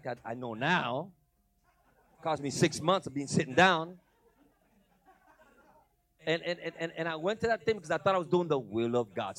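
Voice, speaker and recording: A man preaching a lively sermon, acting out voices, breaking into shouts and laughing often. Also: a little high. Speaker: pastor.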